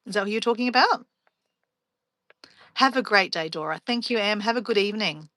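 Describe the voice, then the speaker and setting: Bright, chatty woman live streaming. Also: mid-range voice, lively intonation, fairly quick, no echo. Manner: chatty, rambling storyteller, laughs often. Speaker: travel vlogger hosting a live stream. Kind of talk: casual live stream chat.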